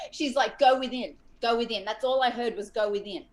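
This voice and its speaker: A woman in her thirties calling in to a live talk show, telling a rambling, animated story full of quoted asides. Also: on the high side, fairly quick. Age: 30s. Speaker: caller. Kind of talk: casual call-in chat.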